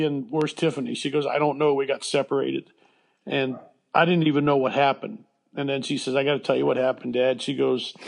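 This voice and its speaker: Gravelly older American man, halting. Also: mid-range voice. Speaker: former baseball coach, guest. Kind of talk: emotional storytelling interview.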